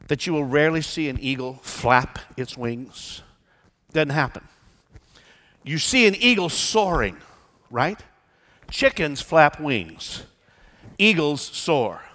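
A man preaching a sermon as pastor, swinging from hushed pleading to loud declaration. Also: on the high side. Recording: long church reverb.

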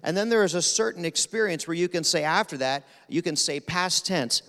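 A man from Pennsylvania, preaching a sermon as guest speaker in a quick, animated, rapid-fire way. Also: on the high side. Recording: long reverb of a large hall.

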